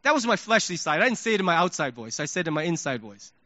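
A pastor preaching, his voice high and bright and animated as he tells a story. The sound is dry and a little dull, a lo-fi sermon recording. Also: rapid-fire, dry recording. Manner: animated storytelling, acts out his own thoughts.

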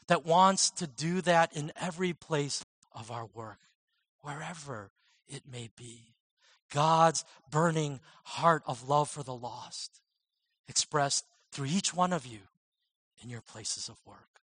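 Bright-voiced man preaching through personal stories. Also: medium pitch, no echo. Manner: personal anecdotes with self-deprecating laughs; swings from animated to very soft and slow. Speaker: guest speaker, physician. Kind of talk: storytelling sermon. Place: church service.

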